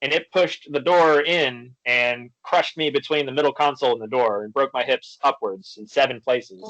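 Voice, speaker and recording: A man guest on a podcast, chatting casually and telling animated stories, acting out the quoted back-and-forth. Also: medium pitch, moderate pace, no room sound, lo-fi sound. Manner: storytelling, animated, acts out quoted exchanges. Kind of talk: casual chat.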